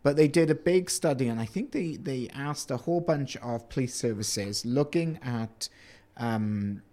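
A man's voice: medium pitch, unhurried, warm tone. A man co-hosting a casual news chat podcast, talking in a chatty way with joking asides and frequent restarts. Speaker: podcast co-host.

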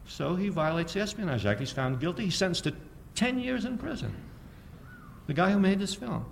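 A man giving a public history lecture, sardonic and animated, firing off rhetorical questions and often chuckling at his own points. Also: high-pitched, fairly quick, creaky, a little hiss or hum.

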